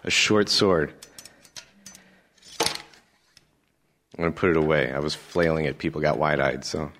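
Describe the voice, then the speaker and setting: A man's voice: extremely low pitch, slow, background noise. A male pastor giving a sermon, emphatic and rhetorical, with lots of repetition.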